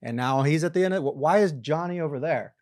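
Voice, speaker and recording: On a podcast, a middle-aged man who founded a company chats casually, poking fun at himself through stories and performing others' imagined thoughts in assorted voices. He speaks fast in a higher, darkish voice, restarting and laughing frequently, with studio-quality sound and no room reverb.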